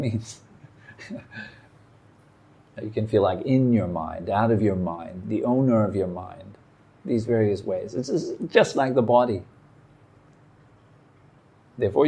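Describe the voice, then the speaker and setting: A man giving a meditation talk, calm and reflective, speaking in short phrases with pauses. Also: lowish voice, husky. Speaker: meditation teacher. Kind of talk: dharma talk. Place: meditation hall.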